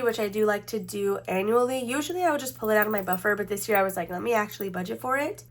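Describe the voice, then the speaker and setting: A woman with a congested, stuffy nose, talking casually as the host of a budgeting vlog. She speaks in a chatty way and often restarts her sentences. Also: medium pitch.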